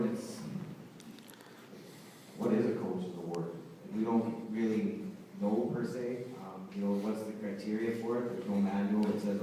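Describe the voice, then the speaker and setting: A man's voice: mid-range voice, warm tone, far from the mic. Guy coaching a hockey team, rambling thru an awards speech, lots of ums, recorded from across a big echoey room w faint noise. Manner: unscripted, rambling, with many fillers and restarts. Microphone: recorded from far off in the room.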